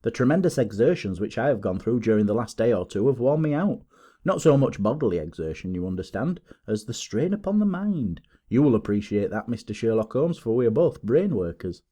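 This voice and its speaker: In an audiobook, a man with a mid-range voice speaks fairly quickly as a pompous, boastful male police detective, full of excited, self-satisfied bluster.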